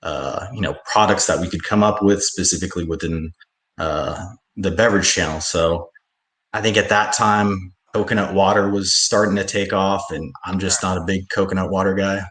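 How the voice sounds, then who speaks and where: A man, a business owner, talking as an interview guest over a video call in a relaxed way with many fillers. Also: sits low, normal speed. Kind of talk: casual interview chat. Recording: echoey room.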